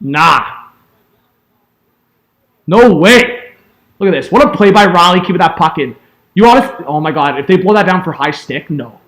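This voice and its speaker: A young man calling a hockey game as an excitable fan streamer, yelling at big plays and chatting with viewers. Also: fairly high pitch, moderate pace, long pauses. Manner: yells and laughs at big plays, chats with viewers. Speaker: fan streamer doing live play-by-play. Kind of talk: excitable fan play-by-play commentary.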